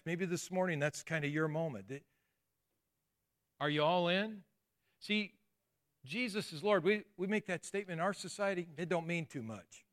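A pastor preaching a sermon, talking in an emphatic, conversational way and throwing rhetorical questions at the congregation. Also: male voice, high-pitched, fairly bright tone. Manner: conversational asides and restarts.

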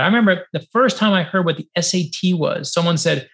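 A middle-aged man from New York, an author guest telling lively stories in a podcast interview over a video call, acting out the dialogue he recalls. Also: on the high side, a little fast, few pauses. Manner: lively, acts out quoted dialogue, many fillers of 'like'. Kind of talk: animated storytelling in a podcast interview.

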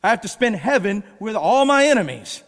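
A man's voice: high voice, big pitch swings, fairly quick, fairly bright tone, big-room sound, voice pushed up. A man doing a sulking, whiny prophet. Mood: sulky. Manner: whiny, complaining.

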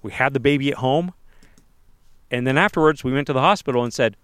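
A man co-hosting a podcast, telling a personal story in a casual interview and acting out other people's lines in quick little voices. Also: mid-range voice, a bit bright, clear, resonant tone, no room sound, clean studio sound.

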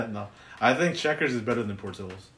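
A man's voice: lowish voice, fairly quick, crowd noise. Young guy chatting easy in an echoey room. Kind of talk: casual chat.

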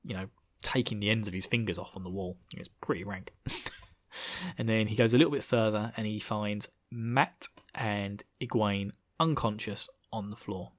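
A man hosting a podcast, recapping a book in an animated, slangy, laughing storytelling manner. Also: lowish voice, moderate pace. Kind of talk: casual chat.

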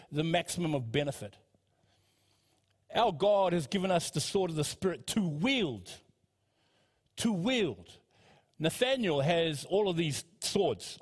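A man in his fifties preaching a sermon as a pastor, earnest and conversational, with asides to the congregation and frequent repetitions. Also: high voice. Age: 50s. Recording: long hall reverb.

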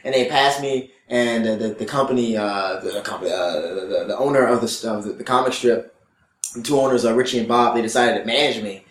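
A man's voice: mid-range voice, fairly quick, roomy sound. A man who is a comedian, telling stories casually in an interview, rambling with many restarts and swearing. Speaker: comedian guest.

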